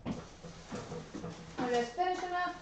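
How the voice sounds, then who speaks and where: A young woman with a very high voice speaks extremely slowly, hosting a live baking demonstration from her kitchen. She's chatty and bubbly with her viewers. The stream audio is dull and lo-fi.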